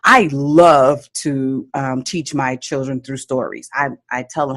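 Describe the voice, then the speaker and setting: A woman's voice: rumbling low, unhurried, few pauses. A woman hosting a parenting podcast, giving emphatic coaching advice and checking in with "okay?" often. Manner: emphatic, repeats key points with frequent "okay?" check-ins.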